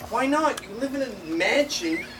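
A man's voice: extremely high pitch, animated, normal speed, a crowd in the background. A drunk man who talks in a pushy, needling way. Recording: distant mic with background noise.

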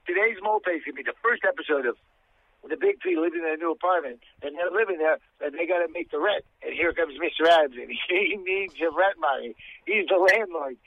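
A man co-hosting a comedy podcast, talking in a goofy, halting, stumbling way. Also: fairly high pitch, expressive, creaky, no echo. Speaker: podcast co-host. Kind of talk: casual comedy podcast banter. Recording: dull lo-fi sound.

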